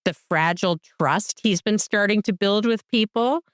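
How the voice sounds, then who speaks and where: A woman's voice: medium pitch, normal speed, no room sound. Woman, podcast co-host, casual recap chat, dry close sound, acts out quotes. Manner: animated storyteller, acts out quotes.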